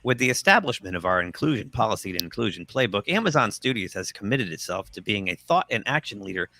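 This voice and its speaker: A man's voice: on the low side, big pitch swings, quick pace, pushed and bright, no room sound. A man hosting a pop culture livestream, reading news quotes aloud with sarcastic asides. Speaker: host.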